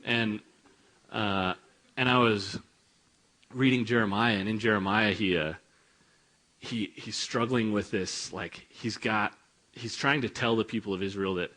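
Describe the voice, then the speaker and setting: A young man giving a relaxed, conversational sermon in church, full of filler words and lively retellings. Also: fairly low pitch, unhurried, pauses often. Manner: informal, many filler words, animated retelling. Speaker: preacher.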